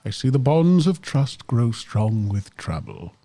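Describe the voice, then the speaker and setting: A man voicing a dignified, polite nobleman who speaks in a measured, formal way. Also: medium pitch, sing-song, warm tone, no room sound. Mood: courteous.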